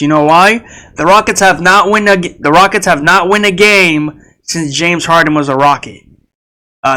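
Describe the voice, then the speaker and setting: A man's voice: high voice, bright, forceful tone, rough recording. A man talking casually about upcoming basketball games, rambling with fillers and repeated phrases and speaking straight to players and fans. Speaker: sports video creator. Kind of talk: casual sports prediction talk.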